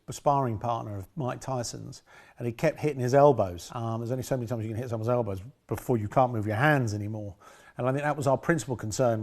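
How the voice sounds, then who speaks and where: A man's voice: mid-range voice, a little mellow. A man talking about his past work as a film director in a casual interview, rambling with frequent restarts and self-corrections.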